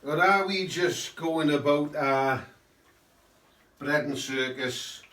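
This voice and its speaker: A man's voice: fairly high pitch, slow pace, a bit bright. A man giving a rambling satirical political monologue, full of tag questions. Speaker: host. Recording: roomy, mic at a distance.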